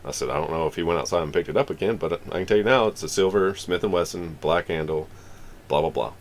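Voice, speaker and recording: A man's voice: deep voice, quick pace, a little hiss or hum. A man streaming live, telling a long story in a casual, rambling way and acting out the lines of the people in it. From Florida. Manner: rambling, acts out the dialogue of the people in his story.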